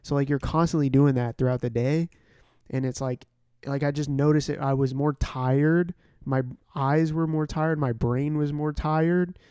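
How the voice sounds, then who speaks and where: A man's voice: fairly high pitch, steady tone, unhurried, warm tone, smooth, no room sound, clean studio sound. A young man co-hosting a podcast, talking in a laid-back, rambling way with lots of filler words. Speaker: podcast co-host. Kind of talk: casual chat.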